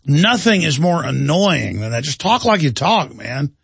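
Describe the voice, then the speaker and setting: A man's voice: on the high side, sing-song, measured pace, vocal fry, fairly bright tone, slightly rough, dry recording. A man hosting a talk radio show, speaking in an impassioned, ranting way as he takes calls. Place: radio studio.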